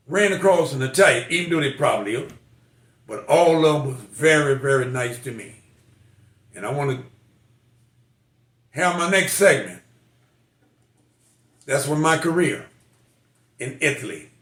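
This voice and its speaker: An older man and military veteran shares personal stories in a folksy, emotional style, quoting other people's voices along the way. His voice sits on the high side with a fairly bright tone, and the recording is reverberant.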